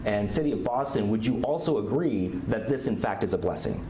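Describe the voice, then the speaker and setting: A man's voice: fairly low pitch, animated, a little fast, warm tone. A man questioning a witness as an attorney in a deposition, with pointed, theatrical questions. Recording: roomy, slightly noisy archive recording.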